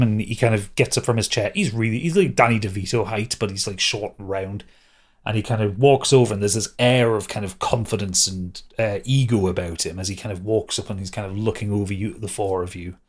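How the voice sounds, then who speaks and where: A man's voice: fairly low pitch, brisk. A man narrating a tabletop game as game master, describing scenes in a loose, rambling way.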